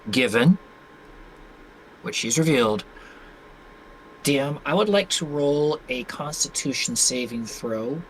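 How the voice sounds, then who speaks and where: A man playing a tabletop game, unhurried and thinking aloud. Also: medium pitch, a little hiss or hum, rough recording. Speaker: player.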